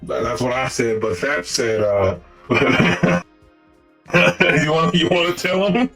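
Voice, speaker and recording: A man's voice: mid-range voice, fairly even intonation, slow pace, creaky, a bit bright, soft background music, low-quality recording. A man bantering and teasing his friends in casual voice chat role-play.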